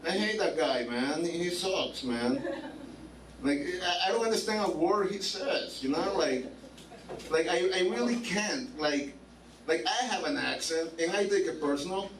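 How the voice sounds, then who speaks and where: A man's voice: fairly high pitch, lively intonation, a little slow, far from the mic. A man doing a stand-up set at a bar open mic, rambling and swearing, filling lines with "like" and "man". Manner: profane, rambling, repeats "man" and "like". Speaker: stand-up comedian. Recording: roomy bar from afar, crowd noise.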